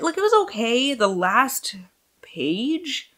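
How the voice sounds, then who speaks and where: A woman with a slightly low voice that swings up and down a lot as she chats about her reading. She rambles, loses her train of thought, swears casually and laughs at herself. It sounds like a relaxed vlog recorded at home. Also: unhurried. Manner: chatty, scattered, swears freely, laughs often. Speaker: book vlogger. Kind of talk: casual book wrap-up chat.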